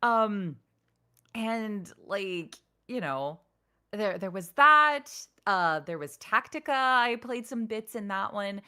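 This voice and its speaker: A woman's voice: mid-range voice, expressive, takes it slowly, pushed and bright, smooth. A woman voice actress telling stories as an interview guest, acting out her own past reactions with animation. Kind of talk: casual interview storytelling.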